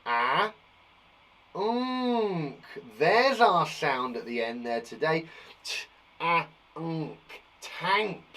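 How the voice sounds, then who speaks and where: A man with a British accent teaching a phonics lesson to young children, sounding out words slowly and encouraging them. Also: high-pitched, a bit bright.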